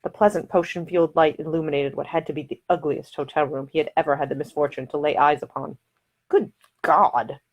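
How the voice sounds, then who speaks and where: A woman narrating her own novel in a measured audiobook reading. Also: low-pitched, steady tone.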